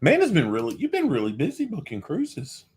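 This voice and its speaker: A man's voice: fairly high pitch, huge pitch swings, brisk, a little mellow, slightly rough. A man with a Southern US accent co-hosting a casual livestream, teasing and rambling as he chats. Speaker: co-host of a travel livestream.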